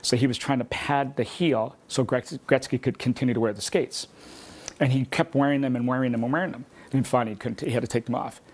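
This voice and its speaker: A man rattles off a collector's anecdote at a quick clip. His pitch sits in an ordinary middle range, and his story tumbles forward with restarts and asides. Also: fairly even intonation, a little mellow. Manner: rapid, rambling anecdotes with restarts. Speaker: memorabilia collector. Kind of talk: animated storytelling.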